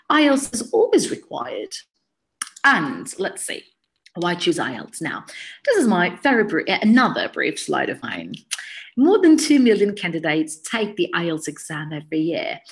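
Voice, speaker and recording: A woman's voice: on the low side, fairly bright tone. A British woman presenting a live webinar as an English exam teacher, talking conversationally and answering chat questions as they come in.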